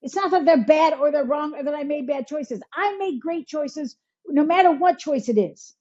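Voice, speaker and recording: A Michigan woman who works as a healer and coach speaks in a conversational interview, acting out inner self-talk in quoted voices. Her voice sits high and a little mellow at a normal pace. The recording has a dull, lo-fi sound.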